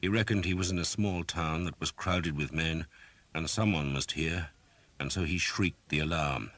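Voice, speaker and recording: A man reading an audiobook in a measured, dramatic narration style, close to a studio mic. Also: rumbling low, a bit bright, dry recording. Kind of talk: scripted narration.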